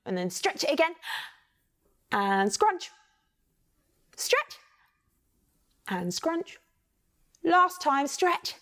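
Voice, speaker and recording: An English woman teaching children a singing warm-up online, counting along and encouraging them. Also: mid-range voice.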